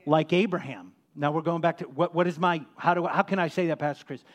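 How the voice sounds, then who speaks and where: A middle-aged man delivers a sermon as a pastor, his voice sitting a little high for a man. He preaches with passion, building to loud, emphatic peaks and then sinking to a low, soft tone. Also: steady tone, brisk.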